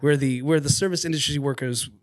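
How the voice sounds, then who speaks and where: A Canadian-raised man, a guest comedian, chatting and telling animated stories on a podcast. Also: mid-range voice, fast. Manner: animated storyteller, slips into mock accents. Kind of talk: casual podcast chat.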